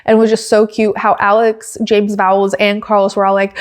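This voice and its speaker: A woman hosting a podcast, recapping a race in a casual, excitable way with lots of filler words. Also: mid-range voice, quick pace, hardly any pauses. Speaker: podcast host.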